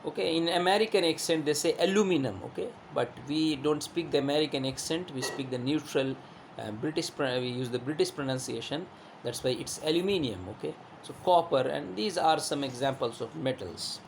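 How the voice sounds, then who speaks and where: A man's voice: a little high, a little fast, vocal fry, slight background noise. A male teacher giving a classroom lesson, who repeats himself, asks rhetorical questions and shows objects while explaining.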